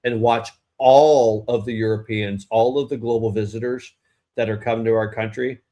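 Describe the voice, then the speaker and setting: A low-ish, dark-toned male voice speaks steadily at a moderate pace. He's a podcast co-host in a casual political chat, rambling and opinionated. He frequently abandons sentences mid-thought and starts them again.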